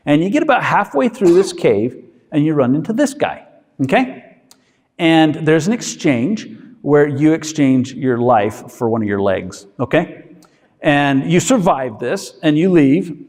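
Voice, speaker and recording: A male doctor gives a relaxed, conversational lecture, often pausing to ask if his listeners follow. His voice sits a little high and swings widely in pitch as he slips into quick voiced asides. The sound carries a long reverb tail, like a large lecture hall. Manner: checks in with listeners with frequent "okay?". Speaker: physician lecturer.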